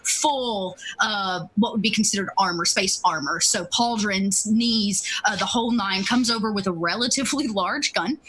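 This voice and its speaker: A woman's voice: medium pitch, moderate pace, few pauses, fairly bright tone, a little hiss or hum, rough recording. A woman narrating as game master of a tabletop role-playing game, rambling with many ums and asides.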